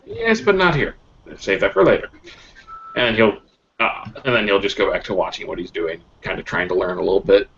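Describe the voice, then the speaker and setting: A man's voice: fairly low pitch, animated, fairly quick, gravelly, a bit bright, slight background noise. A man running a tabletop game as game master, chatty and joking with fillers, over slightly muffled voice chat.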